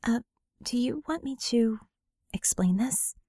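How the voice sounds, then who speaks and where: A woman voicing a wry, sharp-tongued young woman in an audiobook, in a close, everyday voice. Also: a little high, lively intonation, no room sound, voice pushed up. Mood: sarcastic. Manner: wry, quick, sarcastic. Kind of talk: audiobook character voice.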